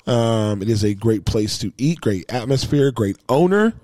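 A man's voice: mid-range voice, expressive, moderate pace, darkish tone, no echo. A male podcast co-host chatting casually and rambling through plugs for a movie theater and a deli. His voice sits mid-range and sounds dry and close to the mic. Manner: rambling, promo-style plugs.

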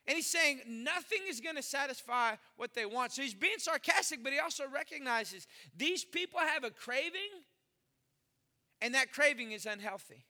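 A male pastor with a high, very bright and forceful voice, preaching in an animated storytelling way. He acts out the dialogue of his story and talks straight to his congregation. His voice rings with the long reverb of a large church hall. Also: normal speed. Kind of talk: sermon. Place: church sanctuary.

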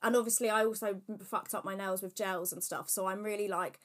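A woman's voice: medium pitch, fairly even intonation, brisk. A woman co-hosting a casual podcast, chatty and rambling, gushing about her interests. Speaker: podcast co-host. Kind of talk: casual chat.

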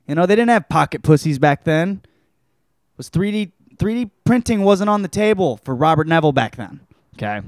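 A man gives a casual, crude book review on his podcast and rambles through the plot. His voice is smooth and resonant. The recording is dry, with no room echo. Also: on the high side, lively intonation, moderate pace. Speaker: podcast host.

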